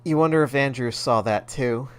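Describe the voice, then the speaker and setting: A man's voice: medium pitch, normal speed, clear, resonant tone. A man commentating on a game, laughing often and exclaiming in shock, reading narration aloud. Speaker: let's play gamer.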